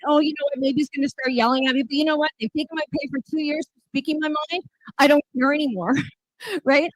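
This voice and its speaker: A woman speaking as a city councillor at a gala, telling an animated personal story with emphatic repetition. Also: high-pitched, no room sound, poor audio. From Canada. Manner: emphatic, repeats key lines.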